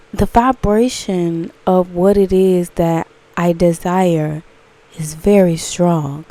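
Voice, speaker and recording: A woman rambling in a casual, gushing monologue to camera, full of fillers and swearing. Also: takes it slowly. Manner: breaks into excited high exclamations. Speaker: vlogger.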